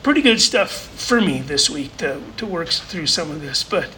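Male pastor delivering a sermon; high, bright voice, earnest, builds through repetition, light background hum. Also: expressive, moderate pace, rough recording. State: briefly choked up.

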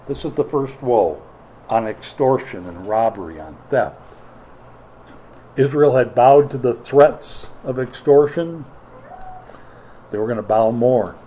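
Playful and lively, a middle-aged man preaches as pastor, performing taunts and other quoted voices. He has a mid-range voice, captured in poor audio.

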